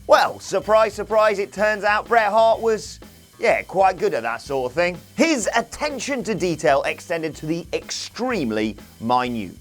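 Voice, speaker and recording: A man's voice: sits high, sing-song, unhurried, faint music behind. A man narrating a scripted video with a sardonic manner and jokey asides.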